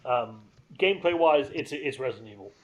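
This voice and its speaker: A man in an easygoing podcast chat, rambling eagerly from one bit of trivia to the next. His voice sits at an ordinary middle pitch, and his delivery is loose and conversational. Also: expressive, fairly quick. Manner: chatty, rambling movie trivia, enthusiastic. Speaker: podcast co-host. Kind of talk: casual gaming podcast chat.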